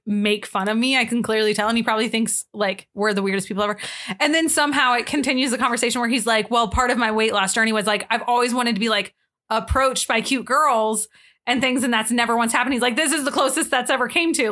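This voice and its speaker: A young woman co-hosting a podcast tells a story in an easy chatty way, leaning on "like" and laughing often. Her voice is bright and sits fairly high. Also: quick pace. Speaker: podcast co-host. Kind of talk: casual chat.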